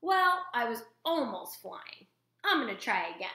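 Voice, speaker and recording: A woman voicing an eager young male gosling who squeaks with excitement. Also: unhurried, echoey room, full character voice. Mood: excited. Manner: squeaky, gleeful.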